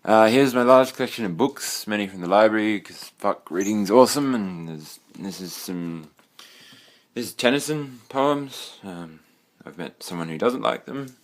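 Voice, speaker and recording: Low-voiced rambling Australian young man. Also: animated, normal speed. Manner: rambling, swears casually, trails off with fillers. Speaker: vlogger. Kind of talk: casual rambling room tour. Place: own bedroom.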